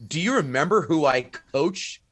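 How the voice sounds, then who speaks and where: A man's voice: a little high, lively intonation, normal speed, fairly bright tone, slightly rough, no room sound. A man trading profane, blunt sports trash talk in a casual podcast chat. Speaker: podcast guest.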